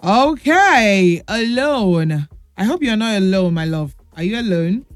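A woman's voice: mid-range voice, lively intonation, measured pace, no room sound. A woman hosting a children's radio call-in show, playful and teasing, laughing often and calling the callers pet names. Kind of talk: lively radio call-in chat.

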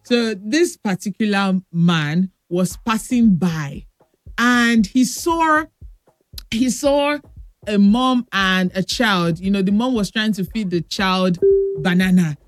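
A woman's voice: mid-range voice, slow pace, no echo. A woman with a Nigerian accent hosting a call-in radio show, telling stories and chatting fondly with callers. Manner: affectionate, storytelling with sung bits.

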